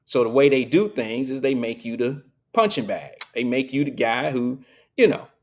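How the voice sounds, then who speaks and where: A man's voice: medium pitch, lively intonation, normal speed. A middle-aged man hosting a live show, telling stories and preaching in a casual, slangy monologue to his audience.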